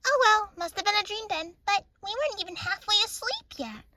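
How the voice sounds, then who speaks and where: A woman's voice: very high voice, expressive, fairly quick, sharp tone, full character voice. A woman voicing a cheerful anime schoolgirl at a sleepover in a plush toy video, chirpy and sometimes whiny.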